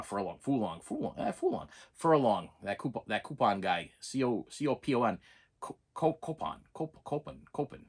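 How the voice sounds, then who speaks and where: A man's voice: lowish voice, a bit bright. A man casually reviewing horror movies on a vlog, rambling with many restarts and repeats, laughing often and checking in with "okay?".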